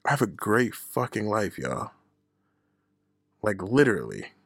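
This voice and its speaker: A man hosts his own podcast and tells a personal story in a relaxed, profane way. His voice is low and gravelly, and it swings up and down as he acts out the people he quotes. The sound is dry and close, with no room echo. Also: measured pace. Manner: profane, candid, laughs at himself. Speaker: podcast host. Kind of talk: casual storytelling monologue.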